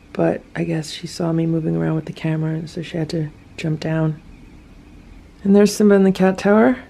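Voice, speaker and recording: A woman narrating a casual home video about her cats, soft-spoken and often dropping to a whisper, and cooing at the pets. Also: lowish voice, vocal fry. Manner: coos at pets in a raised voice. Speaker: cat rescue vlogger.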